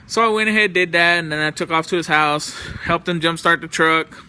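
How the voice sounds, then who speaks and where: Bright, profane young man telling stories. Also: fairly high pitch, steady tone, brisk, clean tone. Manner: loose, profane, exasperated anecdotes. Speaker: vlogger. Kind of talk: casual storytelling.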